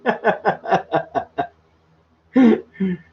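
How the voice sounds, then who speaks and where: A man chatting on a livestream in a rambling, boisterous, self-mocking way, his voice pitched a little higher than most men's and a touch hoarse. The sound is dull and lo-fi. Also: animated, very slow, darkish tone. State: slightly hoarse throat. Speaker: livestream host reading chat. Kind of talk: casual livestream chat.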